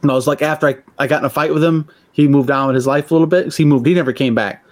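A man's voice: a little high, fairly even intonation, very fast, a little mellow, no echo. Blunt, foul-mouthed man in his forties. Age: 40s. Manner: profane, blunt storytelling with acted-out quotes. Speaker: podcast co-host. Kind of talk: casual podcast chat.

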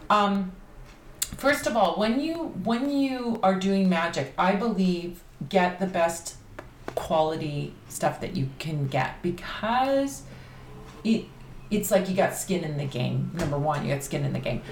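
A chatty, animated woman explains things on a podcast with a somewhat low voice. Her voice rings in a roomy space, and faint noise sits underneath it. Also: a little slow. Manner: chatty, animated, laughs easily. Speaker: podcast guest, candle magic practitioner. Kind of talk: casual podcast chat.

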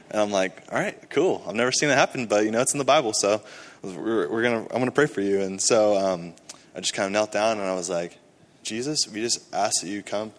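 A man's voice: on the low side, a little fast. Chatty man telling a story in a hall. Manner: animated storytelling with many fillers. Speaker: mission trip team member. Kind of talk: casual testimony to a church gathering.

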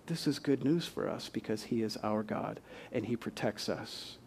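A man's voice: medium pitch, expressive, moderate pace, mellow, slightly rough. A male pastor preaching a sermon, building to emphatic rhetorical questions and reading scripture aloud.

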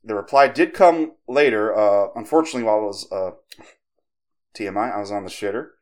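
A man hosting a podcast, casually telling a creepypasta story with profanity and lively quoted voices. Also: fairly low pitch, fairly quick. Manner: conversational, profane, animated when quoting others. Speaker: podcast host.

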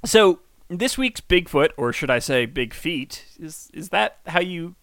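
A man's voice: on the high side, animated, unhurried, a bit bright, clean tone, no echo. A man co-hosting a podcast in casual, rambling chat with lots of ums. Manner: chatty, rambling with many ums. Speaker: podcast co-host.

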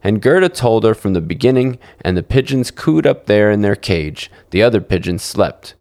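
A man with a low, gravelly voice reads a fairy tale aloud for children, lifting his pitch when characters speak. The recording is dry and close, with no room sound. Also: big pitch swings, normal speed, darkish tone, no room sound. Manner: acts out dialogue with lifted pitch. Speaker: storyteller.

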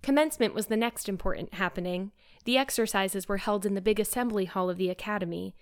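A woman giving a measured, expressive scripted narration of a classic novel. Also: medium pitch.

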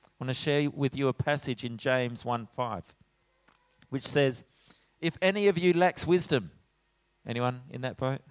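A middle-aged man preaching a sermon in a church as pastor, animated, acting out his own lines when he tells stories. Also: medium pitch, no room sound. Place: church hall.

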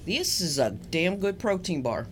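A young woman talks in a low voice that swoops up and down a great deal, chatty and quick to laugh. She co-hosts a casual podcast and often trails off mid-thought, with a faint hum of room ambience behind her. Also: sing-song. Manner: chatty, laughs easily, trails off and repeats herself. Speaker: podcast co-host. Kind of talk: casual chat.

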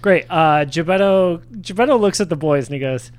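A man's voice: high-pitched, animated, brisk. A man playing a tabletop role-playing game, joking around and narrating what his character does. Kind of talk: casual tabletop game chat.

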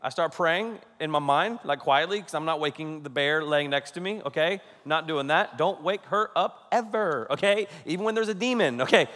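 Pastor in his thirties, high bright voice, animated storyteller, long hall reverb. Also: moderate pace, few pauses. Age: 30s. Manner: animated, storytelling, frequent "okay?" asides, laughing. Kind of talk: humorous sermon story.

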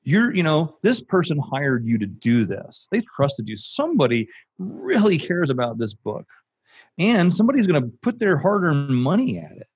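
A man who runs an audiobook production company, speaking as a guest in a casual interview, animated and emphatic and swearing for emphasis. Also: a little high, normal speed, breathy edge, dry recording.

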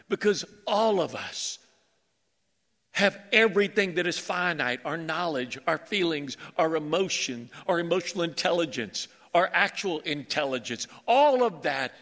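Animated high-voiced pastor preaching in a hall. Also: male voice. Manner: animated, joking with the congregation, preacherly. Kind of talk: sermon. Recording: reverberant church hall.

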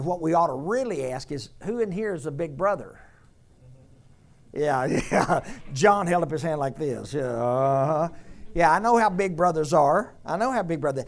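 Animated storytelling male preacher. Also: high-pitched. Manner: animated storytelling, later drops to quiet earnest appeal. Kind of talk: sermon.

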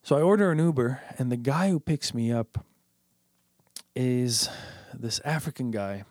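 A man's voice: medium pitch, a little slow, darkish tone, no echo, clean studio sound. A man telling a long story in casual chat, full of "like" and "I was like.". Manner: rambling, lots of "like" and "I was like".

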